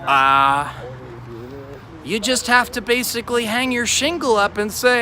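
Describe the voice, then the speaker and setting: A man's voice: extremely high pitch, very animated, measured pace, pushed and bright. A man hosting a casual walking livestream outdoors, rambling and poking fun at himself, filmed on a phone on a selfie tripod. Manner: rambling and self-mocking. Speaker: podcast host. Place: city street outdoors. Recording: outdoor street with traffic noise.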